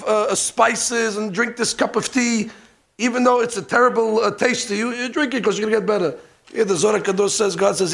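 A man teaching a hands-on religious lesson, animated and joking, dropping Hebrew terms as he demonstrates. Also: sits high, vocal fry. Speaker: rabbi teaching. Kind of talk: demonstration lesson on ritual practice. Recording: archival lesson recording.

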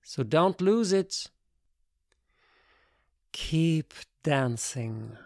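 A man voicing a bitter, worldly woman lover who talks bluntly and profanely in a slow, intense way. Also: on the high side, animated, darkish tone, dry recording, clean studio sound, exaggerated voice. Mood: mocking.

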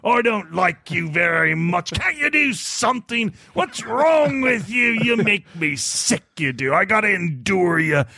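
A man's voice: sits high, animated, unhurried, hardly any pauses, sharp tone, husky, no room sound, studio quality, pitched above the performer's own voice, exaggerated voice. A man voicing an angry male pirate who has had too much coffee, growling and scolding.

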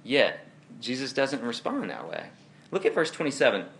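Lively, bright-voiced young male preacher. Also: medium pitch, normal speed, creaky, slight background noise. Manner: animated, chuckling, storytelling asides. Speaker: pastor. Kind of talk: conversational sermon.

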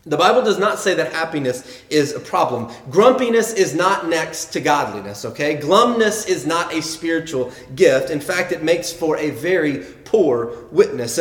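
A man's voice: fairly high pitch, roomy sound. A man preaching a sermon earnestly, often repeating words as he builds his points and reading quotes with emphasis. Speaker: pastor.

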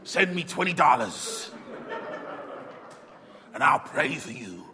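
A greedy television faith healer with an American accent, put on by a male preacher. His voice drops low and hushed as he coaxes money out of viewers. A long churchy reverb trails every word. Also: sing-song, takes it slowly, crowd noise. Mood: wheedling.

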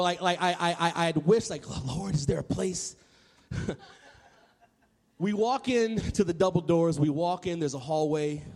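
A man in his thirties from Tennessee, telling an animated personal story to a live audience, often repeating words and acting out voices. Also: a little high, big-room sound. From Nashville, Tennessee, US. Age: 30s. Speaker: public speaker.

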